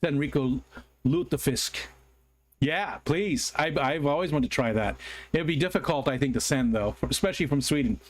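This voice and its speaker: Hosting a casual livestream, this American man reads viewer comments aloud and chats in a rambling, apologetic style. His voice is a little high at a moderate pace, with frequent ums and restarts.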